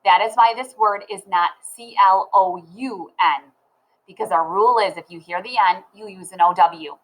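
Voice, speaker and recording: A woman with a mid-range voice teaches children phonics, sounding out letters and words slowly and clearly. The recording quality is low.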